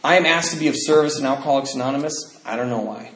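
A middle-aged man shares his own story of recovery, his voice surging and dropping with emotion. His pitch sits in an ordinary middle range. The sound carries a clear echo from the room. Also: fast. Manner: emotional storytelling with sudden swings in loudness. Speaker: speaker sharing at a recovery meeting. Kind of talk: personal testimony talk. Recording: echoey room.

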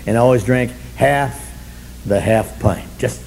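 An older man telling a humorous story at a recovery meeting, animated and self-mocking, swinging from loud bursts to low asides. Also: unhurried, gravelly, a little hiss or hum, low-quality recording. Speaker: speaker sharing his story at a recovery meeting.

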